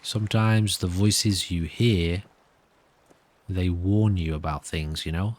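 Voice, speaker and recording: A man's voice: sits low, fairly even intonation, slow pace, darkish tone. A nervous man giving rambling, self-amused commentary while playing a video game. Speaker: gameplay commentator.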